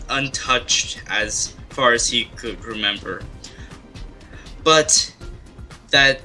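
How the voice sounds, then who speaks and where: A man reading his role-play post aloud, halting and restarting as he goes. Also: medium pitch, sharp tone, rough recording.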